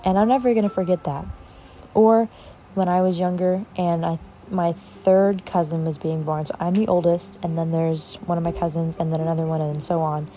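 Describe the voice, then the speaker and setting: Young woman venting about family, lots of likes and ums, kinda low warm voice. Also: fairly even intonation, moderate pace, soft background music. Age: young adult. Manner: rambling, filler-heavy, swears casually. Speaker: podcast host. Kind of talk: casual personal storytelling.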